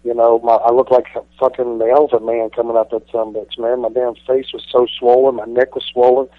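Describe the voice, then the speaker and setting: A man's voice: mid-range voice, flat delivery, a little fast, no echo. A man, a professional wrestler guest, telling stories in a brash, swaggering, profane way. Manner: brash, swaggering, heavy cursing. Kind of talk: profane interview storytelling. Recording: tinny dry phone line.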